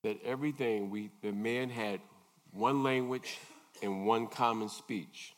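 A man preaching a sermon, unhurried, pausing often and asking his listeners questions. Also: on the low side. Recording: long reverb in a large hall.

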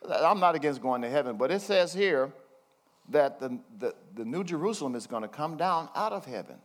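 Casting: older male preacher with a slightly high voice, folksy and chuckling, reads scripture slowly. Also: expressive. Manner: folksy, chuckling asides, slows down to read verses. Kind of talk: conversational sermon with scripture reading.

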